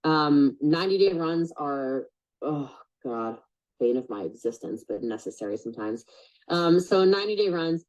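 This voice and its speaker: Woman business coach, low voice, casual and blunt, muffled video-call sound. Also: lively intonation, moderate pace, darkish tone. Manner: chatty and blunt, lots of fillers. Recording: dull lo-fi call audio.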